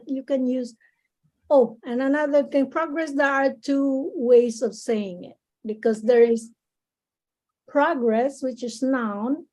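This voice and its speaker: A woman's voice: a little high, mellow, low-quality recording. A woman tutoring English speaking on a video call, patiently explaining words and encouraging her students. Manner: patient, encouraging, explains slowly with many restarts. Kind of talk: online English lesson.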